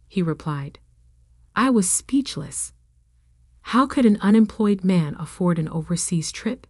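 A woman reading a first-person story in a calm, even-toned scripted narration. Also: lowish voice, measured pace, no echo, studio quality.

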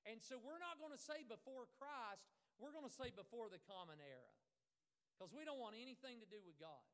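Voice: medium pitch, lively intonation, brisk, fairly bright tone. A pastor preaching a sermon in a conversational way, repeating phrases for emphasis and joking with the congregation.

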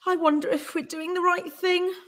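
Woman voicing a gentle, motherly storybook mum. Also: very high voice, little pitch movement, moderate pace, voice pushed up.

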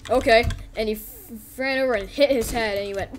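A woman giving excited, giggly commentary on gameplay as host of her own video, breaking into silly character voices. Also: mid-range voice, fast talker, a little hiss or hum.

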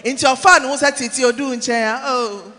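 A man preaching a sermon in a church, animated, mixing English with Twi, swinging from shouts to low asides. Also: normal speed, long reverb tail.

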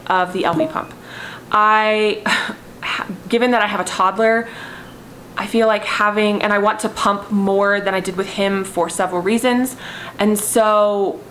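A woman's voice: mid-range voice, a bit bright, a little hiss or hum, rough recording. A pregnant woman, chatting casually to camera in a rambling way. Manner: chatty, rambling, frequent "I was like" asides. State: heavily pregnant, has hiccups. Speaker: vlogger.

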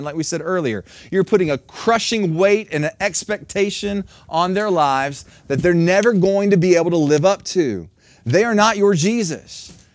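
Male pastor, sermon, earnest, direct, fairly high voice, dry sound. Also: no echo. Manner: earnest, direct preaching with rhetorical questions.

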